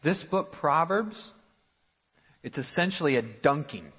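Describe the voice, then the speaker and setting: A man preaching a sermon slowly and emphatically, asking the listeners rhetorical questions. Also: fairly high pitch, animated, breathy edge. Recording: muffled sound with long hall reverb.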